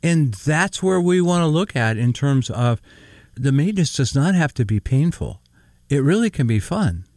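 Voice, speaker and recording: Middle-aged male co-host, animated pitch, dry studio sound, warm banter on faith radio. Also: moderate pace, dry recording. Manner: lively, laughs often, reads Scripture aloud. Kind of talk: casual Christian radio chat.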